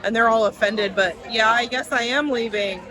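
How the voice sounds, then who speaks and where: Woman vlogging on a cruise, chatty, loud crowd behind her. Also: on the high side, normal speed, low-quality recording. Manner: chatty, excited storytelling. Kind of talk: casual vlog chat. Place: busy cruise ship lounge. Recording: crowd noise.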